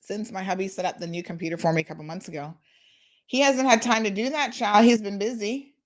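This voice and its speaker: A woman's voice: medium pitch, brisk. A woman hosting a talk show, chatting casually with sassy asides to viewers. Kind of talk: casual commentary.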